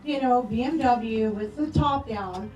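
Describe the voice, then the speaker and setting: A woman telling affectionate, animated stories about a late friend at a memorial, acting out quoted lines. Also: fairly high pitch, unhurried. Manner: animated storytelling with playful quoted voices. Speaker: memorial speaker. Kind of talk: eulogy storytelling. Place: memorial gathering hall. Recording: roomy echo, distant from mic, soft music.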